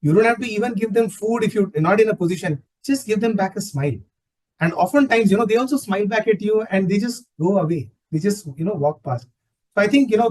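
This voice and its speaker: Husky man giving a spiritual talk. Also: high voice, a little mellow, low-quality recording. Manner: storytelling, switches into Hindi phrases, frequent "you know". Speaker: satsang speaker.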